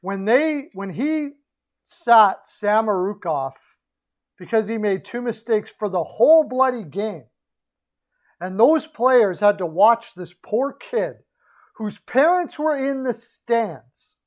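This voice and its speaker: A man's voice: high voice, lively intonation, takes it slowly. A man hosting a casual hockey livestream, rambling and opinionated, often restarting his sentences. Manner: rambling, opinionated, self-correcting. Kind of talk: casual sports betting and hockey rant.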